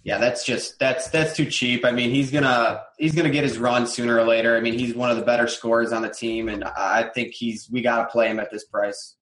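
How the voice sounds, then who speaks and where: A man giving casual sports picks as a podcast guest, relaxed and repeating words as he thinks. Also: medium pitch, a little fast, hardly any pauses, roomy sound.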